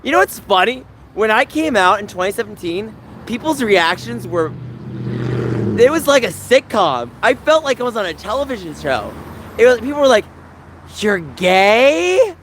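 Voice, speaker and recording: Animated gay man talking to his stream. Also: high voice, normal speed, background noise. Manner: animated, confrontational, addresses chat by name. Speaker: livestream host. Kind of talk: casual livestream chat.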